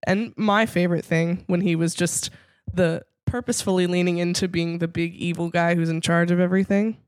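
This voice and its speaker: A woman co-hosting a podcast, telling a story in a chatty, playful way with quick laughs. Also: on the low side, steady tone, no room sound. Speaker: podcast co-host presenting the segment. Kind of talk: casual podcast chat.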